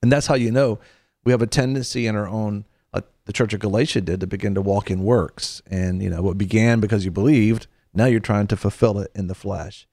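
Earnest lower-voiced male preacher, dry sound. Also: fairly even intonation, fairly quick, vocal fry, a little mellow, dry recording. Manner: earnest, conversational, with repeated restarts. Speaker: Christian show host. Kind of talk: preaching talk-show segment.

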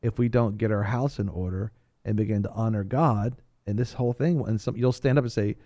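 Mellow man telling rambling stories. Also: on the low side, brisk, dry recording, clean studio sound. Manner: rambling, animated storytelling with restarts. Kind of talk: casual chat.

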